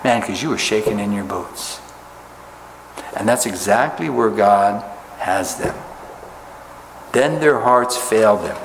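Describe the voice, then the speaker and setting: A man's voice: on the low side, expressive, slow pace, pauses often. A male pastor preaching in a long-echoing church sanctuary, with faint ambient noise in the background. He speaks in a folksy, conversational way and keeps turning to his listeners with rhetorical questions. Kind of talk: sermon with scripture reading.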